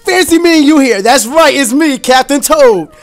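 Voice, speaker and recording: A man voicing a cheerful little male mushroom explorer from a video game in a chipper, squeaky put-on voice. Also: lively intonation, normal speed, music in the background.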